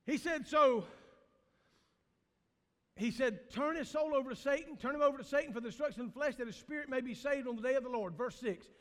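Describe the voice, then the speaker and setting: High-voiced preacher in a hall. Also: male voice, fairly quick. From American South. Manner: Southern preacher cadence, swings from hushed to shouting. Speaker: pastor. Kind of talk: sermon. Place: church sanctuary. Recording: reverberant church hall.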